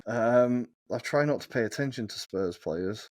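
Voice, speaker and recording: A man's voice: medium pitch, lively intonation, moderate pace, a little mellow. Swearing, chatty podcast host man. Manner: thinks aloud, swears freely. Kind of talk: casual football chat.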